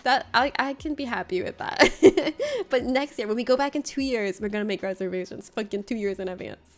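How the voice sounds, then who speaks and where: A woman's voice: on the high side, lively intonation, brisk, faint music behind. A woman from Florida chatting casually with her viewers during a livestream, telling stories and laughing often. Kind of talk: casual chat with viewers during a game stream.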